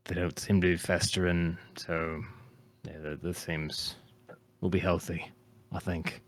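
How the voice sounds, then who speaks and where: A man's voice: low-pitched, level tone, measured pace. A man chatting loosely as a player in a tabletop game, with many fillers. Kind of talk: casual tabletop game chat.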